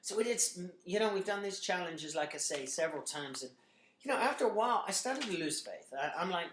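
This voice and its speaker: A man in his thirties, a gym owner and trainer, giving a blunt, energetic motivational talk to a group full of "you know" fillers. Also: high-pitched, quick pace, a little hiss or hum. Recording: echoey room.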